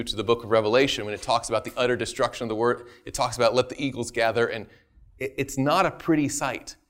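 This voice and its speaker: A man giving a casual Bible study talk, emphatic, repeating phrases for stress and often checking in with his listeners. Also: mid-range voice. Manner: emphatic, keeps checking in with "right?". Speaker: Bible teacher.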